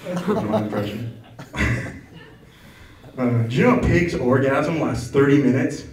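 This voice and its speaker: A man's voice: medium pitch, animated, a little slow. A man rambles through an open-mic stand-up set, offhand and self-deprecating. His voice comes from a distance in an echoey club, with a crowd laughing around him. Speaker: stand-up comedian. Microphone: stage mic recorded from far off. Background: audience laughter.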